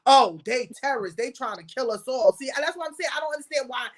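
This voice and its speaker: A woman co-hosting a casual talk show, animated, emphatic and blunt. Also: high voice, quick pace. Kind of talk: casual panel chat.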